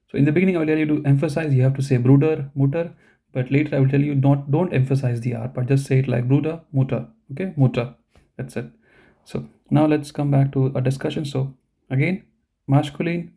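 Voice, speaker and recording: A man's voice: medium pitch, vocal fry, mellow. A man teaching a live online language lesson, patiently repeating each point and checking in with the class. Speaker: German teacher.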